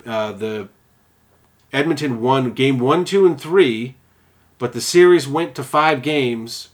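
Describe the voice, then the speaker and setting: A man's voice: mid-range voice, takes it slowly. A man co-hosting a podcast, telling a sports story in casual, profane chat and acting out quotes. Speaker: podcast co-host.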